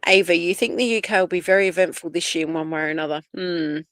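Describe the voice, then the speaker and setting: This woman hosts a casual livestream, reading comments and greeting viewers by name as she drifts from topic to topic. She is from Australia and speaks with an Australian accent, though Italian is her first language. Her voice is low, fairly bright and fairly even in intonation, she talks fast, and there's no room sound.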